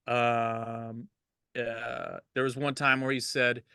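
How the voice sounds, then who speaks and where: A man's voice: medium pitch, flat delivery, slow pace, pushed and bright, smooth, no echo, clean studio sound. A middle-aged man, a DJ, telling stories in a casual interview, laid-back and laughing often, livening up when he quotes people. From Los Angeles. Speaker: DJ, interview guest.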